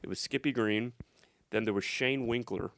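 Low, gravelly-voiced playful comedian host. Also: male voice, slight background noise. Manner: quick-witted, playful wordplay. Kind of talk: casual comedy podcast chat.

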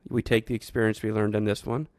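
A man's voice: on the low side, little pitch movement, quick pace, dry recording. A man hosting a show, talking through his thoughts in a rambling, reflective monologue with frequent restarts. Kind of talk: casual monologue.

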